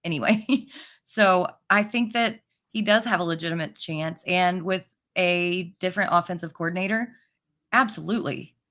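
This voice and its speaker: Female sports panelist, low register, casual chatty delivery. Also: a bit bright. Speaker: fantasy football analyst.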